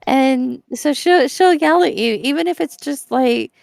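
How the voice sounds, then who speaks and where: A young woman co-hosting a podcast, chatting casually and telling a story with lively put-on voices and giggles. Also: high-pitched, unhurried, gravelly, no room sound. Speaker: podcast co-host. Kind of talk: casual chat.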